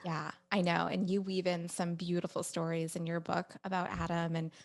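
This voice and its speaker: A woman hosting an interview, asking gentle, affirming questions. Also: fairly low pitch, little pitch movement, normal speed, vocal fry. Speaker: podcast host. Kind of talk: conversational interview.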